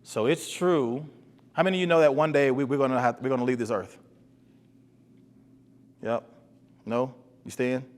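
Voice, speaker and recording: A man's voice: mid-range voice, normal speed, pauses often, a little mellow. A man giving an earnest motivational talk to boys, often repeating himself and putting questions to the audience. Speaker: speaker for boys. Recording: long hall reverb.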